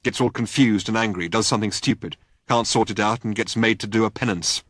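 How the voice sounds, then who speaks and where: A man's voice: lowish voice, a little fast, a bit bright, dry recording, clean studio sound. A man voicing a gloomy, taciturn old male god who talks in terse, clipped phrases. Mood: grumbling.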